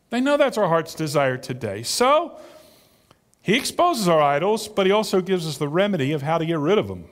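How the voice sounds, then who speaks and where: A male pastor preaching a sermon with drama, dropping to a hush and then building loud. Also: high-pitched. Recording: long reverb of a large hall.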